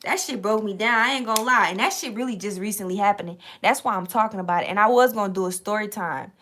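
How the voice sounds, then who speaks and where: A young woman telling a casual, profane story to her viewers, animated and streetwise. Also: medium pitch, quick pace. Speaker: tarot reader and channel host.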